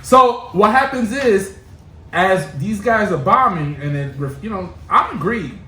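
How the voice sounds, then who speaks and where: A man from Brooklyn tells a long, profane story on a casual podcast. He acts out the lines of the people in it. His voice is high and swings widely, and it sounds roomy and a little distant from the mic. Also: a little slow, a little hiss or hum. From Brooklyn, New York. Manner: animated, profane, acts out voices while telling stories. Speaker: podcast co-host. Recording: echoey room, mic at a distance.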